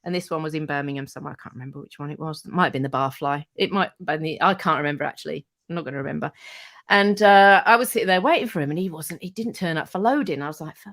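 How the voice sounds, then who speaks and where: A middle-aged woman, a radio presenter telling casual anecdotes as a podcast guest, animated and freely swearing. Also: low voice, racing. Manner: animated, acts out quoted voices, swears freely.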